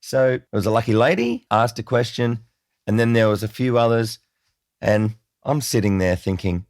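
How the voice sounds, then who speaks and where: A man telling a casual, chatty story to camera, excitable and self-deprecating. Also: mid-range voice, moderate pace, dry recording, clean studio sound. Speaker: music vlogger.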